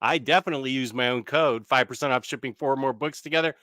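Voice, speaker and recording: Man, livestream host, bright and clear, rambling, self-interrupting chatter. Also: mid-range voice, fast, dry recording, clean studio sound. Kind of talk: casual live-stream chat. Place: home room.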